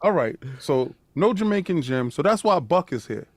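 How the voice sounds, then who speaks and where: A man hosts a podcast in a voice on the high side, moving at a moderate pace. Ranting with emphasis and animation in a casual conversation, he restarts frequently and repeats words when starting sentences.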